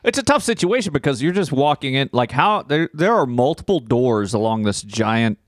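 A man's voice: mid-range voice, normal speed, dry recording, clean studio sound. A man co-hosting a casual podcast, chatty and joking. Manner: lively, chatty, joking asides. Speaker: podcast co-host. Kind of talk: casual chat.

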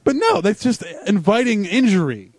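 Male podcast co-host, crude joker, slightly high voice, dry sound. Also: sing-song, normal speed, dry recording. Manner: crude and joking, reads aloud from a magazine. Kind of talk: casual podcast banter.

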